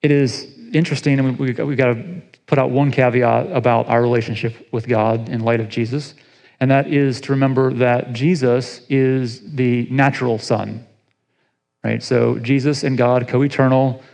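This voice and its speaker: Guy preaching to a small group, gravelly voice, chatty teaching tone, keeps asking "right?". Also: medium pitch, little pitch movement, normal speed, darkish tone, rough recording. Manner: conversational teaching, frequent restarts and "right?" check-ins. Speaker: pastor. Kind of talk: sermon.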